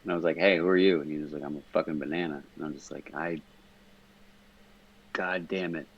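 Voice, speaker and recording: A man's voice: low voice, steady tone, brisk, vocal fry, muffled recording. A man in casual podcast chat, stoned, rambling and swearing as he talks. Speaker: podcast guest.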